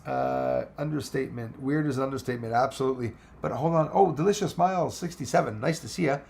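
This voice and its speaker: A man's voice: medium pitch, fast talker, gravelly, a little mellow, a little hiss or hum. A man hosting a casual livestream, rambling and thanking viewers by name as he reads their comments aloud. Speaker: livestream host reading chat. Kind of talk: casual live chat.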